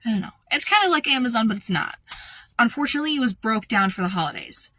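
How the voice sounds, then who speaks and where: A woman's voice: a little high, lively intonation, fast talker, pushed and bright, no room sound. A woman in her twenties, a retail worker, telling a storytime in a casual, rambling way full of fillers. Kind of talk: storytime vlog.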